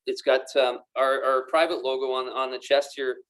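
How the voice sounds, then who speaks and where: A man's voice: medium pitch, flat delivery, moderate pace, noisy background. Chatty man showing golf apparel. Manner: enthusiastic, repeats words often. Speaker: golf pro shop presenter. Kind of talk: casual product demonstration to camera. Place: indoor golf pro shop. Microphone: camera mic, moves around the room.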